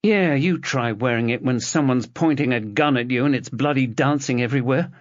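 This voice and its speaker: A woman's voice: a bass voice, brisk, dry recording, lo-fi sound, voice pushed up. A man voicing a tough young female detective sergeant who talks bluntly and teases her boss. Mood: wry. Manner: blunt, teasing.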